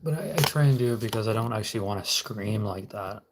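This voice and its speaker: A man's voice: fairly low pitch, fast talker, background noise. A man hosting a casual solo livestream from home, rambling and muttering to himself. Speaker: livestream host.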